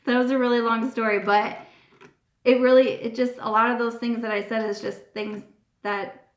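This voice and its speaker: A woman's voice: a little high, flat delivery, moderate pace. A woman hosting a casual live-stream chat, talking in a gushing, earnest way and often repeating herself. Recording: roomy echo.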